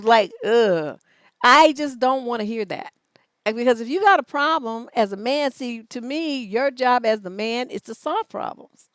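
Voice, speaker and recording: A woman's voice: a little high, a bit bright, no room sound. A woman relationship coach on a livestream advice show, reading out letters and answering in a blunt, profane, scolding way.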